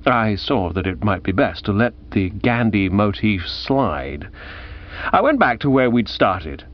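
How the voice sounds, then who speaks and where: A man narrating a first-person comic novel in a lively, arch storytelling manner. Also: a little slow. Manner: lively, arch storytelling with wide pitch swings. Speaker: audiobook narrator. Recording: dull lo-fi audiobook recording.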